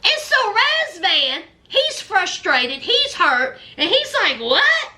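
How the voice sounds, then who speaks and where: Sassy high-voiced woman commentator. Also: big pitch swings, slow, bright, forceful tone. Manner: blunt, sassy, scolding. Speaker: reality TV commentator. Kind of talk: sassy reaction recap.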